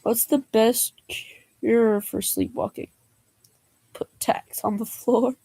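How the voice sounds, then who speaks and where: A woman's voice: fairly high pitch, steady tone, takes it slowly, creaky, warm tone, breathy edge, dry recording. A young woman vlogger reading jokes aloud in a casual way, laughing and groaning at them and adding slangy asides.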